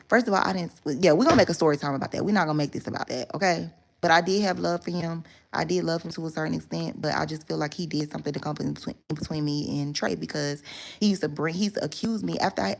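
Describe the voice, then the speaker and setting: A woman's voice: on the low side, gravelly. A woman talking straight to her viewers in a casual story time monologue, candid and rambling, with plenty of swearing. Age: adult. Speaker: vlogger telling a story.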